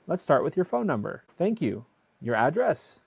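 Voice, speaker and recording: A man reading a calm male emergency dispatcher. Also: on the high side, moderate pace, creaky, breathy edge, no echo, full character voice. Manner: steady, procedural phone questioning.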